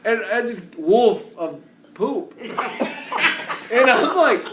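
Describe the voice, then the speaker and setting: A man telling a funny hunting story in casual chat, laughing a lot and breaking into loud shouts as he acts out the scene. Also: extremely high pitch, slow, reverberant, slight background noise. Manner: laughs constantly, voices get loud and shouty at the climax.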